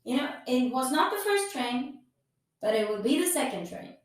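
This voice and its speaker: A woman's voice: high voice, normal speed. Chatty woman in an echoey room. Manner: animated, laughs often, swears casually. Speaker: podcast host. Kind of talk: casual storytelling. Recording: echoey room, far from mic.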